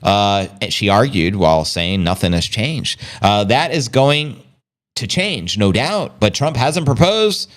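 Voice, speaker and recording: A man's voice: fairly low pitch, big pitch swings, slow pace. Hyped, chatty male livestream host. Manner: hyped, loose and chatty with shout-outs. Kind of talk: casual livestream news commentary.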